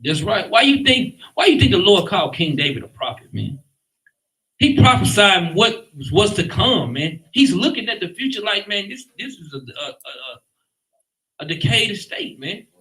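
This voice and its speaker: A man's voice: high-pitched, sing-song, normal speed, pushed and bright, poor audio. A man leading a Bible class in an emphatic preaching style, often asking "guess what" and ending lines with "man". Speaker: lead teacher.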